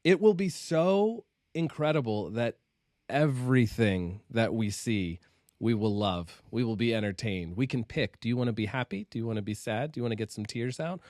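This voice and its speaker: A man's voice: mid-range voice, normal speed, a little mellow, no room sound, studio quality. A man co-hosting a podcast, making provocative, sweeping claims in a casual debate. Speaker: podcast co-host.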